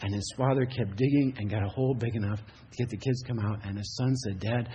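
A man's voice: on the low side, steady tone, fast talker, warm tone, highs cut off, slight background noise. A man preaching a sermon, telling a story and building to impassioned rhetorical questions. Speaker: pastor.

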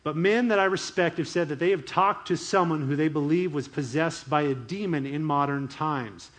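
A man preaching a sermon in an animated, emphatic way. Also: a little high. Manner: animated, emphatic, chuckles often. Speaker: pastor.

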